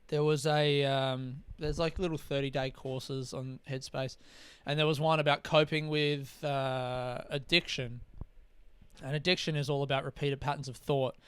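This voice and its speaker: In a clean, echo-free recording, a young man with a somewhat high voice delivers a rambling solo monologue on his comedy podcast. He's candid, curses a lot, and imitates voices for laughs.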